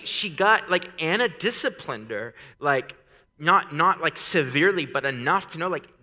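A man's voice: a little high, lively intonation, unhurried, sharp tone. A man in his thirties preaching a sermon, telling casual stories about his kids before building to emphatic exhortation. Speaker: pastor. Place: church sanctuary. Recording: long hall reverb.

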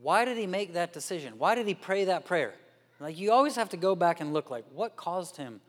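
Man, guest preacher, sermon, animated storytelling, acts out voices, slightly high voice, church hall reverb. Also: normal speed. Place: church sanctuary.

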